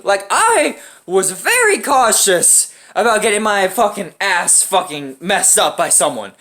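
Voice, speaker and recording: A woman's voice: medium pitch, sing-song, measured pace, a bit bright. A young adult woman hosting a storytime channel, telling a story in a casual, profane way and laughing often.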